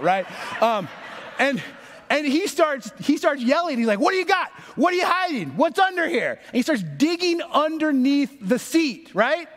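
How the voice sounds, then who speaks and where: A man in his thirties, a pastor telling a story in a sermon, animated and acting out the voices of the people in it. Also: very high-pitched. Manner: animated, acts out voices in stories. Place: church sanctuary. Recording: long reverb of a large hall.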